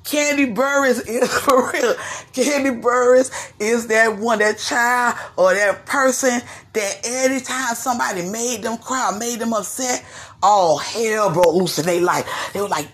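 A woman host, giving sassy, animated gossip commentary straight to her listeners. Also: a little high, unhurried, breathy edge.

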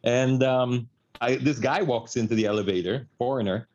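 A man from the Philippines, a radio host, telling a story in casual chat, animated and laughing, with Filipino words mixed in. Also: mid-range voice, normal speed, lo-fi sound.

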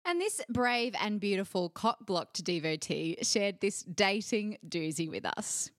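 A young Australian woman co-hosts a chatty podcast, reading a listener letter with animated laughter. Her pitch rises and falls a great deal. The sound is close and dry. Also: measured pace, no echo. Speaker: podcast co-host.

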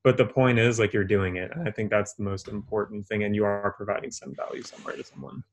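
Casual low-voiced male podcast co-host. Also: fast talker, creaky. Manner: casual, peppered with "you know what I mean" and "like".

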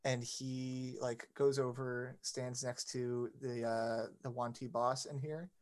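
A man's voice: medium pitch, flat delivery. Hesitant man running a tabletop game. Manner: halting, filler-heavy narration. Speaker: game master.

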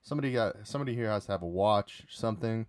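A man's voice: on the low side, animated, racing, a little mellow, no room sound, studio quality. A young man telling a casual, rambling story about a night out, full of restarts and fillers.

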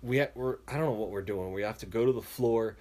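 A man casually telling a story, acting out the quotes loudly and swearing often. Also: on the low side, fast. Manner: animated, acts out quotes with swearing.

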